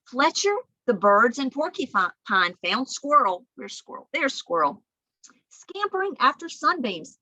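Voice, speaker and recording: Librarian lady doing kids storytime, high bright voice, super sing-songy, takes her time. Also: unhurried, no echo. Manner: animated storytelling, big swings between whispers and high calls. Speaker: children's librarian. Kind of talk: storytime reading to children.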